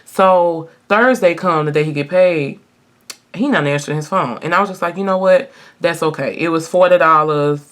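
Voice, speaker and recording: A woman's voice: low voice, normal speed, fairly bright tone. A woman in her twenties telling a personal story in a casual get-ready-with-me video, chatty and emphatic, talking straight to her viewers. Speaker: vlogger.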